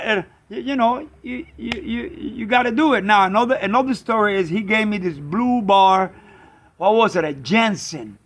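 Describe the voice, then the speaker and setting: A man casually telling a story, animated, acting out friends' voices and bird sounds. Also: high voice. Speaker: pigeon fancier, channel host.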